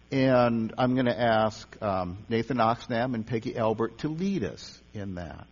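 A man's voice: mid-range voice, husky. Man preaching in an echoing hall. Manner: conversational, repeats words and restarts. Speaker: pastor or teacher leading a service. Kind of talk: sermon on meditation. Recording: dull lo-fi sound with long hall reverb and mains hum.

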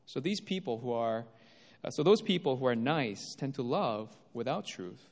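Animated male preacher in a reverberant hall. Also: mid-range voice, normal speed. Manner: emphatic, rises and drops for effect. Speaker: pastor. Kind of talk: sermon.

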